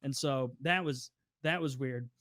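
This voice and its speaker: A young man telling a casual podcast story, animated and swearing freely, acting out the people he quotes. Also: medium pitch, a little slow, dry recording. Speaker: podcast co-host.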